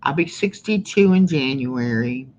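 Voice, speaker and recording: A woman's voice: rumbling low, lively intonation, measured pace, darkish tone, lo-fi sound, a little hiss or hum. Chatty woman in her sixties. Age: 60s. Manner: chatty, rambling with many fillers. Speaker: livestream host. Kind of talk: casual live-stream chat.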